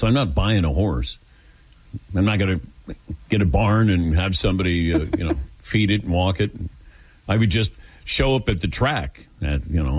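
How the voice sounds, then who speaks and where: Male radio host, relaxed teasing banter, lowish voice with lots of movement. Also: slightly rough, poor audio. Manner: easygoing, teasing, laughs often. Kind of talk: casual talk radio chat.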